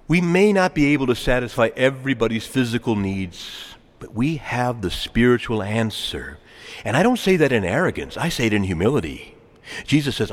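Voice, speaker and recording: A male preacher delivers a sermon in a big, reverberant church hall. His pitch moves a great deal, dropping to hushed lines before rising into loud calls to the congregation. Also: very animated, moderate pace. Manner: dramatic swings between hushed and loud calls, asks congregation to respond. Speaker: pastor.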